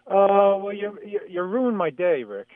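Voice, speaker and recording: A man calling in to a sports radio show, talking in a halting way with many restarts. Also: high-pitched, animated, no room sound. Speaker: caller. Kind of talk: casual call-in chat. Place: New York City. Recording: phone-like caller line.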